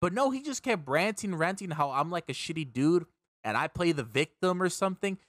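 A young man tells a story in a rambling, heated, profane way, stumbling over and repeating words. His voice sits a little high for a man. The sound is dry and close, with almost no room around it. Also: animated, a little fast, a bit bright, dry recording. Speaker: streamer and podcast host. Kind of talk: casual storytelling chat.

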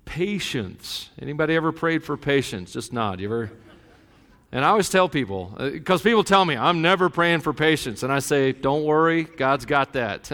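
A man's voice: medium pitch, fairly bright tone. A middle-aged man preaching a sermon as a pastor, joking and conversational, his emphasis rising as he goes. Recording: long hall reverb.

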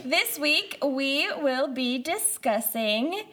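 A woman's voice: sits high, animated, slow pace, bright, forceful tone. A woman co-hosting a casual chat podcast, giggly and bubbly, reading ad lines playfully. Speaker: podcast co-host.

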